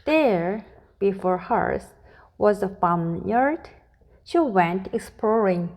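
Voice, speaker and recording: Slow, expressive woman storyteller. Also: mid-range voice. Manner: slow, deliberate, expressive reading. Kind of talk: children's story read-aloud.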